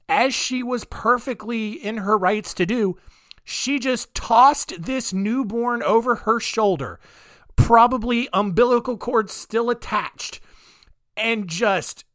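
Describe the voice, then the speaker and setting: A man's voice: high voice, a bit bright, no room sound, studio quality. A male podcast host telling history stories in a joking, rambling way full of asides. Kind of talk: comedic history storytelling.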